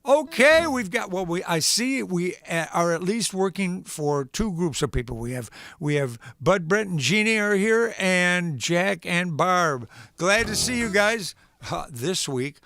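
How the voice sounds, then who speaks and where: A man's voice: high-pitched, lively intonation, measured pace, a bit bright, no echo. A man hosting a live music stream, chatting casually in a rambling, joking way. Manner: rambling, self-deprecating jokes.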